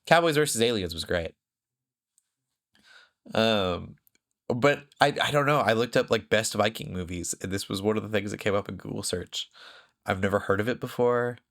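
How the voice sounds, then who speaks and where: A man's voice: lowish voice, moderate pace, vocal fry, long pauses, fairly bright tone. A man co-hosting a podcast in casual chat, rambling with lots of fillers and frequent laughs. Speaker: podcast co-host.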